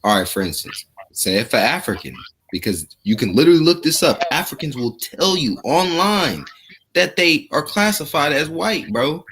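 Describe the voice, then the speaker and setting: A man's voice: fairly high pitch, sing-song, moderate pace, fairly bright tone. A man calling in to a debate stream, defensive and casual, swearing and saying "bro" often. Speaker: caller challenging the host. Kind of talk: heated debate.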